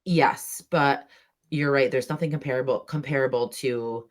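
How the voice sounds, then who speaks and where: A woman with a low-pitched voice hosts a casual podcast chat. She talks eagerly, filling her sentences with "like" and bursting into quick laughs. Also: fairly even intonation. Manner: enthusiastic, chatty, with frequent "like" and laughs. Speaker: podcast host.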